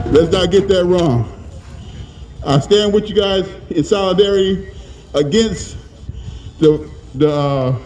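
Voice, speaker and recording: A man with a fairly high voice rallies a crowd outdoors with a fiery, plain-spoken speech. He is a little out of breath and pushes toward shouting. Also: low-quality recording. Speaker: union leader and rally speaker. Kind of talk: impassioned rally speech. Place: outdoor protest rally.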